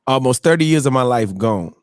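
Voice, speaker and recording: A man in his thirties hosting a morning show, telling stories in a casual, animated way and calling everyone brother. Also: mid-range voice, a little fast, no echo, studio quality. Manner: animated, acts out quoted voices, calls people brother. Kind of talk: casual storytelling chat.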